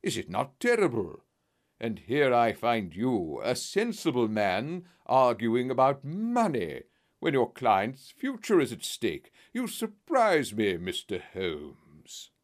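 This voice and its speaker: Man reading as a slow, gloating blackmailer. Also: medium pitch, wildly swooping pitch, full character voice. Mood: mocking. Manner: slow, mocking and falsely sorrowful. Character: smooth, menacing middle-aged male blackmailer. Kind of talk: storybook reading.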